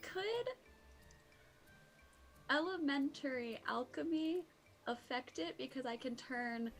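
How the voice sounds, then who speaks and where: A woman's voice: high voice, slow, soft background music. A woman playing a character in a tabletop game, eager and asking questions. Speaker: player. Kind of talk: casual tabletop game play.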